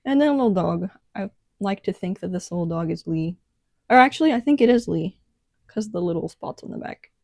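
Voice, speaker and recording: A young woman casually narrating a sketchbook tour, relaxed and rambling with many fillers. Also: medium pitch, brisk, vocal fry, no echo, studio quality. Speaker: artist vlogger.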